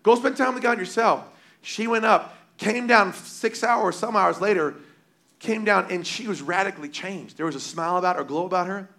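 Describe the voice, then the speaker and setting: A man preaching a sermon with passion, repeating phrases and swinging between loud and hushed delivery. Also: sits high, moderate pace, gravelly.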